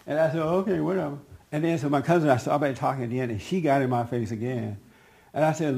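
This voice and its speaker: A middle-aged man tells a family story in a casual, animated way, often laughing. His voice is slightly high and gravelly, and it jumps up when he quotes people. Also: normal speed. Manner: animated, laughing, quoting others in a raised voice. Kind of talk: casual personal anecdote.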